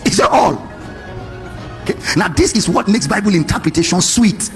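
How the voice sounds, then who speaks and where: A male preacher giving a lively sermon, questioning his congregation and stretching words in a sing-song way. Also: high voice, normal speed, faint music behind.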